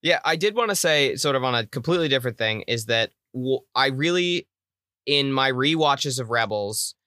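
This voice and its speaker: A man with a bright, forceful voice co-hosts a casual fan podcast. He is wry and teasing and talks in quick bursts. His voice sits dry and close to the mic. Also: mid-range voice, lively intonation, dry recording. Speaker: podcast co-host.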